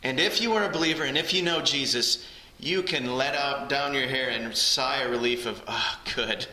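Pastor guy preaching, super bright edgy voice, echoey church room. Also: mid-range voice, normal speed. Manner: earnest, rising emphasis on key phrases. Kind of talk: sermon. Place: church sanctuary.

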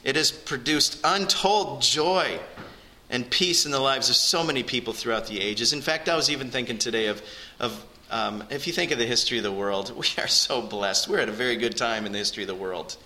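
A pastor delivers a sermon in church, his voice very bright and ringing. He speaks earnestly and straight to the congregation, raising his pitch and volume to drive each point home, in a brisk, low-quality recording.

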